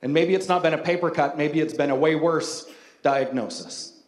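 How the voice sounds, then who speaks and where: A male pastor gives a conversational sermon, joking about himself and talking straight to the congregation. His voice sits high for a man and carries a roomy echo, as if in a large space. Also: moderate pace. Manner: humorous, conversational, self-mocking storytelling.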